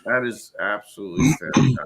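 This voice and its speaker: A man in a casual group chat, reacting appreciatively to the jokes. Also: lowish voice. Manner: appreciative listener, slow.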